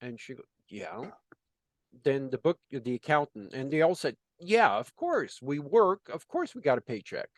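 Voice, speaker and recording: A man's voice: mid-range voice, very animated, measured pace, no room sound. A man working as a business consultant, telling a story in conversation and acting out the dialogue with lots of "you know" fillers.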